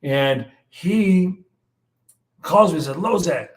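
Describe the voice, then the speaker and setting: Older male meteorologist guest, lively storyteller, somewhat high voice. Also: moderate pace, poor audio. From United States. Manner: animated anecdote telling, acts out quotes. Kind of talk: storytelling in an interview.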